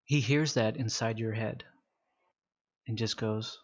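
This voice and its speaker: A man running a tabletop game as game master, narrating casually with fillers and slowing down for calm scenes. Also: lowish voice, dull audio.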